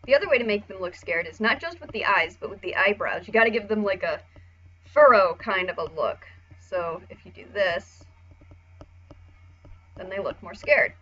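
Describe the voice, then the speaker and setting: Casual female art tutor, bright tone, slightly muffled lo-fi mic. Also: medium pitch, expressive, moderate pace. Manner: chatty, casual, swears, acts out voices.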